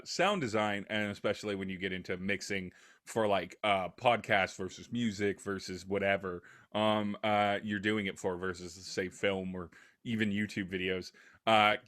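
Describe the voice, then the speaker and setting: A low-pitched man talks through ideas as a podcast guest, rambling and thoughtful. He fills his pauses with frequent "uh"s, and his tone stays conversational throughout. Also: steady tone, a bit bright. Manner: thoughtful, rambling, many fillers. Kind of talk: casual conversation.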